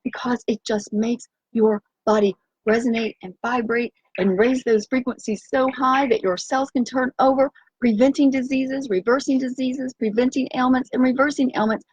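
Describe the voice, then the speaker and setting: Woman, upbeat live-stream host, sing-song and cheering, husky breathy tone, slightly muffled recording. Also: high voice, normal speed, darkish tone, no room sound. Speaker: organic nutrition coach and live-stream host. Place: outdoors by the sea on a windy day.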